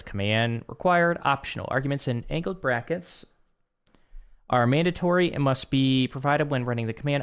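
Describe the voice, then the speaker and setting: A man's voice: fairly high pitch, a bit bright. Casual streamer man reading and reacting. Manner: reads lesson text aloud and reacts with offhand remarks. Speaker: streamer working through a coding course. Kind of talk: casual live-stream commentary.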